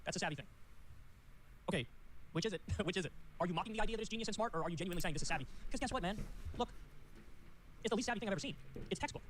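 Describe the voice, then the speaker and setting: A man's voice: high-pitched, fairly bright tone, a little hiss or hum. A man giving casual, sarcastic political commentary. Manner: sarcastic, quick.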